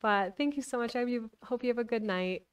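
A woman's voice: on the high side, fast, clear, resonant tone, recorded from a distance, muffled recording. A woman streaming a live book reading, narrating and chatting casually with her viewers. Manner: chatty, laughs often. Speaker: streamer reading a novel aloud.

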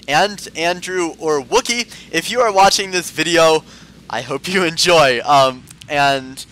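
Excitable male gameplay host, slightly raised pitch, bright and punchy, playful affected delivery. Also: low-quality recording. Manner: high-strung, excitable. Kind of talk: game commentary.

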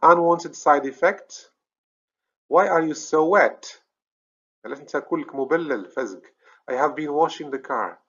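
A man's voice: fairly high pitch, lively intonation, quick pace, a bit bright, breathy edge, dull audio. A man with a Moroccan accent teaching a recorded grammar lesson, explaining step by step, often checking "okay?" and correcting himself. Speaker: English teacher.

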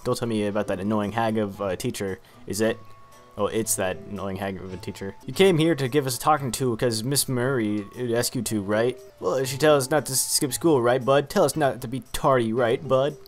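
A man's voice: medium pitch, normal speed, soft background music, lightly acted. A man voicing a cocky young boy who leads a gang in a video game, with swaggering, taunting talk.

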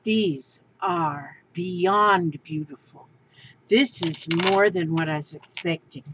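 Slow, gushing woman crafter, lo-fi. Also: lowish voice, background noise. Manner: gushing, exclaims and repeats herself. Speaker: crafting vlogger. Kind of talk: unboxing show-and-tell.

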